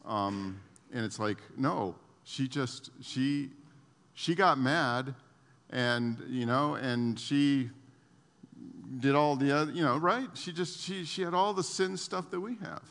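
A man preaching a sermon to his church, animated, laughing often and repeating his words. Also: mid-range voice, slow pace, big-room sound. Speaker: pastor.

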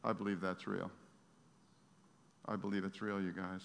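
A man preaching a sermon, moving from loud, fervent pleading to quiet, earnest storytelling. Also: deep voice, flat delivery, normal speed, creaky. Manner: swings from loud impassioned pleading to soft storytelling. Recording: long hall reverb.

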